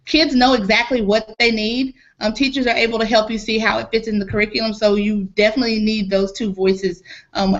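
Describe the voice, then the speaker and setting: A woman's voice: on the high side, fairly bright tone. A woman parent on an online panel, speaking earnestly with many fillers. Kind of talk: casual video-call discussion. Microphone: video call. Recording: dull lo-fi video call audio.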